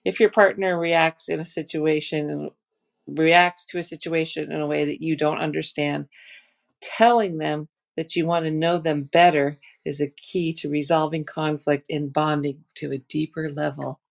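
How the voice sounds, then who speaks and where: A middle-aged woman co-hosting a casual podcast, her voice low and full of gravelly fry. She reads things out with a dry, sarcastic twist and chats loosely with her partner. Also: level tone, moderate pace. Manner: sarcastic, reads phrases with mock inflection. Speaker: podcast co-host. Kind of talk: casual chat.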